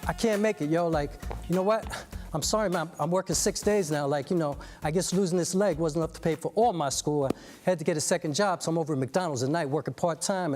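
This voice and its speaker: A man's voice: fairly high pitch, darkish tone, lightly acted. A man doing a laid-back New young guy. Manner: apologetic, laid-back street talk with many fillers. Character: easygoing young man, hard-working student.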